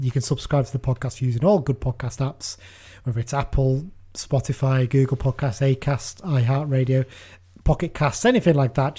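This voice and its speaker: A man hosting a football fan podcast rattles along at a brisk clip. His voice is mellow and warm, and his delivery stays casual and chatty. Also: medium pitch. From England. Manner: chatty, quick, ends lines with "there you go". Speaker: podcast host.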